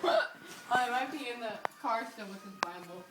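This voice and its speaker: A woman's voice: fairly high pitch, lively intonation, moderate pace, noisy background. A young woman with hiccups chatting and giggling in a casual home video. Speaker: vlogger with hiccups. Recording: echoey room with music behind.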